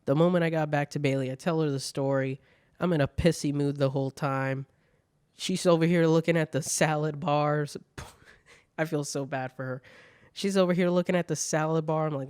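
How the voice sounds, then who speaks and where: A man's voice: a little high, steady tone, normal speed, a little mellow, clear, resonant tone, no echo, clean studio sound. A young man hosting a solo podcast, telling stories in a casual, profane way. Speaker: podcast host.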